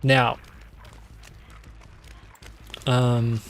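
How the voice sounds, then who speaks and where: A man's voice: medium pitch, completely flat delivery, drawn-out words. A young man streaming a game while rambling through a movie plot from memory, swearing and losing his thread. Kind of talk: casual movie recap while gaming.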